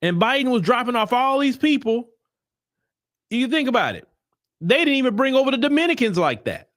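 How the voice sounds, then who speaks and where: A man's voice: extremely high pitch, very animated, a little fast, a bit bright, dry recording. A man, hosting his own stream. He talks emphatically, fires off rhetorical questions and circles back on his points. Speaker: show host. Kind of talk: livestream commentary.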